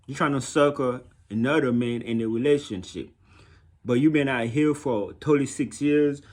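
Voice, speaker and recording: A man's voice: mid-range voice, normal speed, a little mellow. A man with a Haitian accent giving blunt, mocking dating advice in a casual monologue, often repeating himself.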